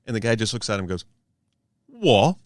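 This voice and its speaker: A man's voice: on the low side, fairly even intonation, very fast, dry recording, studio quality. A man from western Pennsylvania, a podcast guest telling easygoing stories in a casual chat. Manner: storytelling, easygoing.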